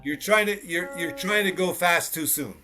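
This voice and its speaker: Emphatic male piano teacher, higher voice. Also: normal speed. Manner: emphatic, repeats short cues while demonstrating. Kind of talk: one-on-one instruction. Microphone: video call. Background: piano playing.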